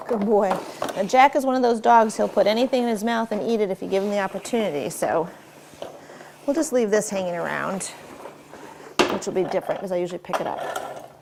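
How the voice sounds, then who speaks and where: A woman's voice: mid-range voice, a little fast, gravelly, pauses often. Woman dog trainer, instructional tone, lots of upbeat praise for the dog, faint noise and clicker clicks behind. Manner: praises the dog warmly and often in a bright raised voice.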